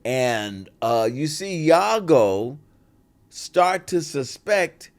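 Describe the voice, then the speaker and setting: An older man stretches out his words in a higher-leaning voice. He's a guest actor swapping stories in a laid-back interview, animated as he performs bits of dialogue in various voices.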